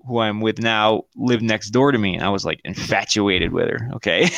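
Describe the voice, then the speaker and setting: A man's voice: on the low side, steady tone, moderate pace, gravelly, a bit bright. A man co-hosting a podcast, telling a story in casual chat, swearing freely, laughing often and acting out the lines of the people in it. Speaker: podcast co-host.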